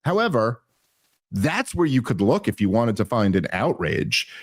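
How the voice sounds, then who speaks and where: A man hosting a political podcast, talking in an animated, indignant way and often restarting his sentences. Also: medium pitch, measured pace, dry recording, clean studio sound. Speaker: podcast host. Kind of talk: political commentary chat.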